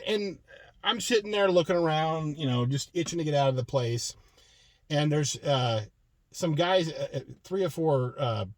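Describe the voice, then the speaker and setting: A man's voice: on the high side, no echo. A man hosting a show, telling a profane comic rant story full of restarts. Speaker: show host.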